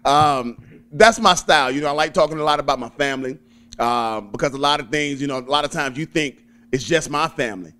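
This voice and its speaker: A young man with a Southern accent from Alabama, a stand-up comedian chatting in an interview, laid-back and quick to chuckle. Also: a little high, sharp tone. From Birmingham, Alabama. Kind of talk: casual interview chat.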